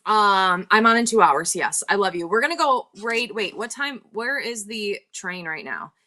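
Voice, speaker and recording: A middle-aged woman speaks openly and at length to her live-stream viewers, drifting from one thought to the next and laughing often. Her voice is bright and forward, sitting at an ordinary pitch for a woman. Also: lively intonation, normal speed. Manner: candid, rambling, laughs often. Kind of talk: casual live-stream chat.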